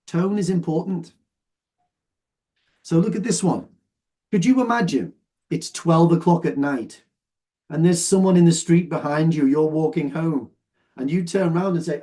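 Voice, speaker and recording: Man teaching, mellow voice. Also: fairly high pitch. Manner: checks understanding often, patient and explanatory. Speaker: English exam teacher. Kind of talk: online lesson, explaining while sorting phrases.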